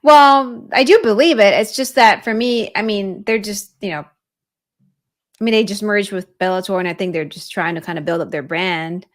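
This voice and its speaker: A woman with a mid-range voice co-hosts a laid-back podcast chat. She speaks in a relaxed, hesitant way, with plenty of fillers and pauses as she thinks aloud. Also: mid-range voice. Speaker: podcast co-host. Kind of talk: casual chat.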